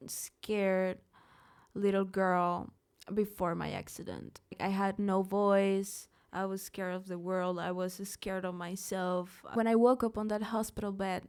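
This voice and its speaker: In a live interview at a studio event, a young Mexican singer speaks in a medium-pitched, darkish voice. She is candid and emphatic, and she often breaks off and restarts her words mid-thought.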